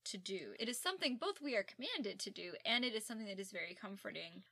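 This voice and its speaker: A woman's voice: medium pitch, lively intonation, quick pace, bright, forceful tone, dry recording, studio quality. A woman in her thirties co-hosting a podcast, chatting casually and retelling scenes with animation. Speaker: podcast co-host. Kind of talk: casual recap chat.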